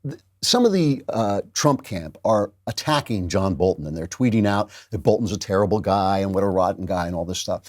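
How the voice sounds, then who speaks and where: A man's voice: sits low, expressive, a little fast. A man hosting a political commentary show, sarcastic and emphatic, repeating his points. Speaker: host.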